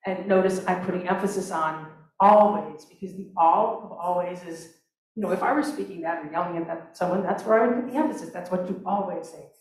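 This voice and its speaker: A woman's voice: fairly low pitch, brisk. Chatty woman composer in an echoey hall. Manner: chatty, many restarts and fillers. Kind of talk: talk introducing her opera aria. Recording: echoey hall, mic from far off.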